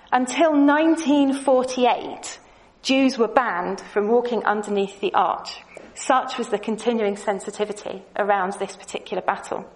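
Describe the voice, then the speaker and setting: Measured woman teaching a lesson. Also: a little high, low-quality recording. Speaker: Bible teacher. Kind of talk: scripted lesson with slides.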